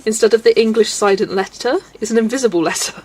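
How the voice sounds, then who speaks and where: A woman's voice: fairly high pitch, a little fast, a little mellow, slightly rough, poor audio. Chatty laughing woman streamer from Belgium. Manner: chatty, laughs often, stumbles over names. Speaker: livestream host reading chat. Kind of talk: casual livestream chat. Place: home, colouring at a desk.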